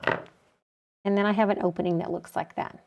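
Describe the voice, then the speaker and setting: A woman calmly explaining a quilting technique step by step as she works with her hands. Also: lowish voice, normal speed, gravelly, highs cut off. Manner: calm, practical, talks while working with her hands. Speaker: quilting instructor. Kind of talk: step-by-step sewing tutorial.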